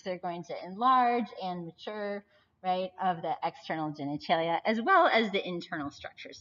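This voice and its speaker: A woman in her forties giving a recorded anatomy lecture, chatty and often checking in with "right?". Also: medium pitch. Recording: slightly dull, lo-fi audio.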